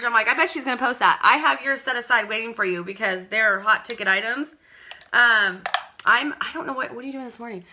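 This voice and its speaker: A woman whose voice is a little high, pushed and bright chats casually through a live makeup tutorial at home. Selling and demonstrating makeup products, she rambles and greets viewers by name.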